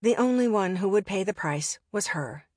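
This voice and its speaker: A woman's voice: mid-range voice, animated, moderate pace, darkish tone, no room sound, studio quality. A woman narrating an audiobook in a wry, conversational way.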